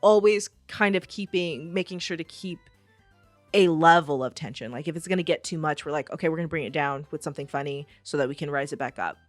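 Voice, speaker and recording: A woman's voice: deep voice, fast talker, no room sound, faint music behind. A woman co-hosting a podcast in casual chat. She talks animatedly, laughs often and acts out quotes. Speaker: podcast co-host.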